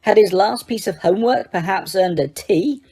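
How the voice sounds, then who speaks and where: A woman narrating an audiobook in a steady storytelling manner, with the odd small slip. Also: mid-range voice, moderate pace, slightly rough. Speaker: audiobook reader.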